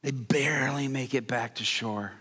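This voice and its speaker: Give me a dramatic male preacher with a bright, ringing voice. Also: medium pitch, normal speed, husky. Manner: dramatic, acts out scenes with humor. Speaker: guest preacher. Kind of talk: animated sermon storytelling.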